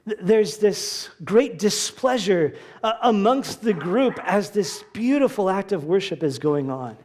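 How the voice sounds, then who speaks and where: High-voiced man preaching a lively sermon. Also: measured pace, hardly any pauses. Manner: animated, acts out quoted voices, conversational asides. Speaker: pastor.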